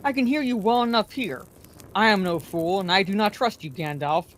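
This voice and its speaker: A woman reading aloud, voicing a proud old male wizard with a shrill, cold, sneering voice. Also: moderate pace, slight background noise, natural voice. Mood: mocking. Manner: sneering, scornful.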